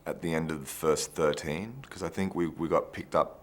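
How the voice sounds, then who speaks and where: Deep aussie guy chatting about his acting days, keeps restarting sentences. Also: normal speed. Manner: chatty, anecdotal, restarts phrases. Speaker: actor interviewee. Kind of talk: behind-the-scenes interview.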